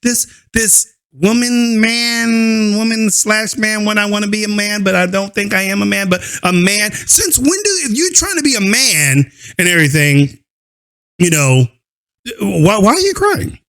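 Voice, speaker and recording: High, lively sarcastic male reaction host. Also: a little slow. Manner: mocking, mock-outraged shouting, laughing.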